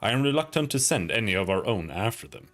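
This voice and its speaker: Man reading a weary colony leader, low voice, earnest and plain, soft music under it. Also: sing-song, fast.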